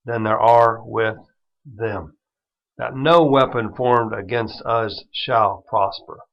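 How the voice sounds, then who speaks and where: A man hosting a devotional Bible study, retelling the passage in casual everyday terms. He speaks at a middle pitch in an easygoing, encouraging manner, as if praying for the listener. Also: dull audio. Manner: conversational, retells scripture in everyday words; encouraging, prays over listeners. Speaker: Bible teacher.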